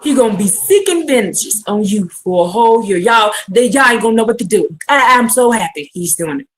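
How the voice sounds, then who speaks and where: A woman preaching a livestreamed sermon, fervent and building to shouted exhortation. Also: a little high, animated, a little fast.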